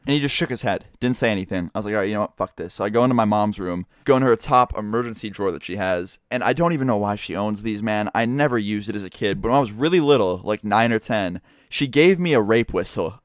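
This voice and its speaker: A man's voice: fairly low pitch, quick pace, hardly any pauses, clean tone, no echo, studio quality. A teenage boy telling a casual storytime, rambling and profane, full of fillers. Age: teens.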